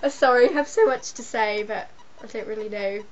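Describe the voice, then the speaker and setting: A woman's voice: a little high, fairly quick, a crowd in the background. A young woman chatting casually, hesitant and rambling, giggling at times. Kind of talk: casual chat. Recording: dull lo-fi webcam audio with faint hiss.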